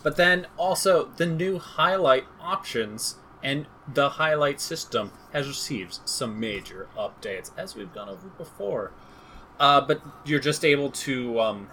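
A man with a bright, forward voice runs through game update notes on a casual podcast. He jokes and rambles, poking fun at himself and his co-host. A faint hum of background noise sits under the recording. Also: medium pitch. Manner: joking, rambling, self-deprecating. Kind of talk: casual chat reading game patch notes.

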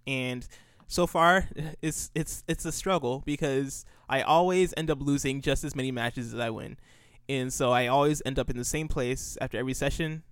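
A man's voice: medium pitch, normal speed, smooth, dry recording, clean studio sound. A young man co-hosting a casual gaming podcast, rambling and restarting his sentences as he recaps what he's been up to. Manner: rambling, restarts often, laughs easily. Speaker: co-host.

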